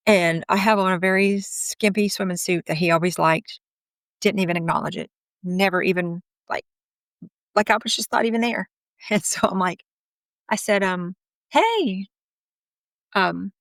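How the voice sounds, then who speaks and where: A woman's voice: on the low side, vocal fry, a bit bright, no echo, clean studio sound. A middle-aged woman candidly telling a personal story in a chatty way, acting out what people said. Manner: candid, chatty, acts out quoted speech. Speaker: guest telling her story.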